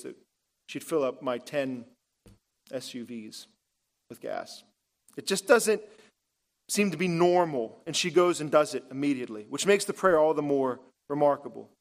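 A male pastor preaches in a notably high voice, building to loud, emphatic points. Then he drops to a hush for effect. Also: lively intonation, normal speed. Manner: emphatic, rising and dropping for effect. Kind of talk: sermon.

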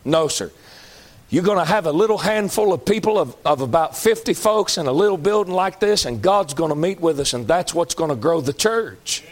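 A male pastor preaching a folksy sermon that climbs to shouting. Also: fairly high pitch, animated, normal speed.

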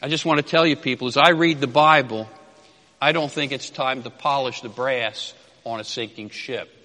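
A man preaching an expository sermon, emphatic and repeating key phrases, dropping low at the ends of phrases and reading scripture slowly. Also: pushed and bright. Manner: reads scripture slowly and deliberately. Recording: long hall reverb.

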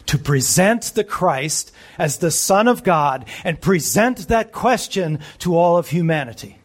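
A man preaching a sermon who speaks with energy, often asks the audience questions, and drops to a hush for emphasis. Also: fairly high pitch, animated, a little slow, few pauses. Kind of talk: expository sermon.

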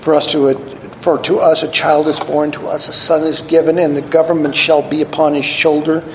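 Middle-aged male preacher, slightly high voice, gravelly, deliberate scripture reading, faint room noise. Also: flat delivery. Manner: slow, deliberate scripture reading with rising emphasis. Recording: long hall reverb, faint ambience.

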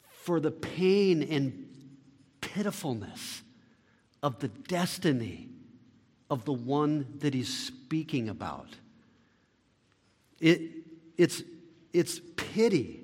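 A man preaching a sermon as pastor, swinging between loud, fervent lines and hushed ones, with deliberate phrasing. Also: a little high. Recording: long reverb of a hall.

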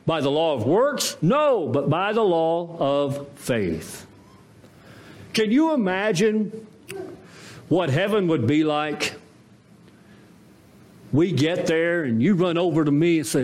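A man's voice: a little high, lively intonation, measured pace, pauses often, a little mellow, a little hiss or hum. A man preaching a sermon as pastor, emphatic and full of rhetorical questions and repeated phrases.

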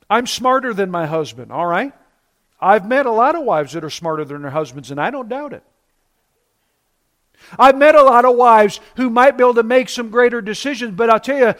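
High-voiced man preaching with emphasis. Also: a bit bright. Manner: emphatic preaching, slowing down to stress key words. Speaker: pastor. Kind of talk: sermon.

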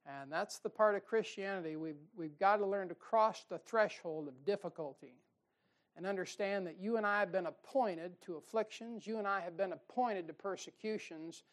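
A man preaching a sermon in a folksy, animated way, asking the congregation questions and drawing out key words for emphasis. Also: high-pitched, normal speed.

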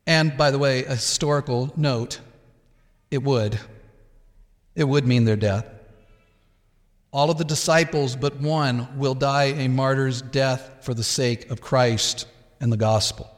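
A man preaching a sermon as pastor, emphatic and expressive, sometimes acting out the words of others. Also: medium pitch, unhurried, long pauses, long reverb tail. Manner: emphatic, acts out Peter's protests.

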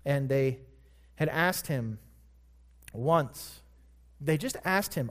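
A man delivers a sermon at a slow, unhurried pace, stretching key words for emphasis. His voice sits a little high for a man as he retells the story with careful weight on each phrase. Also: animated, a bit bright. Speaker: preacher.

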